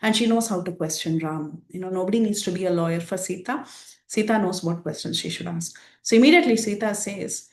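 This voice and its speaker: A woman's voice: fairly low pitch, fairly quick, a little mellow. Woman teaching scripture, rhetorical questions. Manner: explanatory, asks rhetorical questions. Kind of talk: scripture class lecture. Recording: roomy echo.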